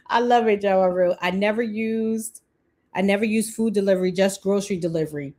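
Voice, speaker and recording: A woman, hosting a casual live-stream budgeting talk, chatty and quick to laugh, breaking off her own sentences. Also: medium pitch, a little mellow. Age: 40s. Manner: chatty, laughs often, self-interrupting. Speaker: livestream host.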